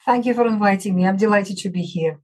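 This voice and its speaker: Guest: Russian-accented woman, husky and middle-pitched, firm and emphatic. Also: fast, a little mellow, rough recording. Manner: emphatic and assertive. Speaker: guest physician. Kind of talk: interview answers.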